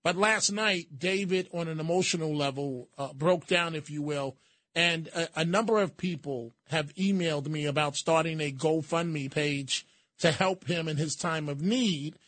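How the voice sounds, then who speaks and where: A man's voice: on the high side, unhurried, fairly bright tone, no room sound. A man hosting a call-in radio show, talking steadily and turning hesitant and sympathetic with callers. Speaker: radio talk show host. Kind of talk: talk radio. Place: radio studio. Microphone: studio mic.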